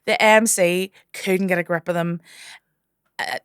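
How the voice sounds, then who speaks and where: A woman, a comedian guest telling stories in lively casual chat and swearing freely. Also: lowish voice, unhurried, clean tone, no echo, clean studio sound. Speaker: guest comedian and cabaret host.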